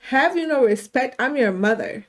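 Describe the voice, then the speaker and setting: A woman's voice: sits high, lively intonation, normal speed. A woman voicing a stern middle-aged mother who scolds her daughter with dramatic indignation. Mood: haughty. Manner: scolding, dramatic, self-pitying.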